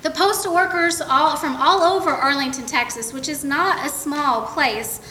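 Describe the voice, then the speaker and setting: A woman pastor delivers a sermon, retelling a Bible story in an easy, conversational way. Her voice is high and bright, and it rings a little in an echoey room. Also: normal speed, a little hiss or hum.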